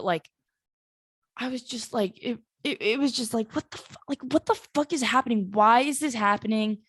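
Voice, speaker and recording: A woman's voice: medium pitch, no room sound, clean studio sound. A woman in her twenties hosting a solo podcast from her family home, telling a personal story in a candid, rambling way, with lots of "like" and free swearing. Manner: candid and rambling, heavy use of "like", swears freely. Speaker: podcast host.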